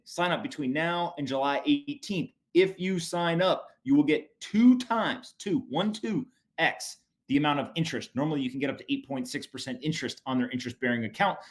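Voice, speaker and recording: A man hosting a podcast, bantering and joking energetically in casual chat and reading a sponsor spot. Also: on the high side. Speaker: podcast host.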